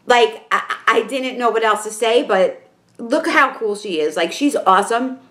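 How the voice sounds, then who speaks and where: A woman with a New York accent, a makeup vlogger talking casually to her viewers in an excitable, rambling way full of fillers. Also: a little high, moderate pace. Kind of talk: casual chat to camera.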